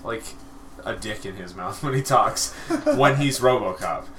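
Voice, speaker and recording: A man's voice: on the low side, measured pace, reverberant, noisy background. A man co-hosting a casual movie podcast, joking and swearing and often laughing. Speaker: podcast co-host.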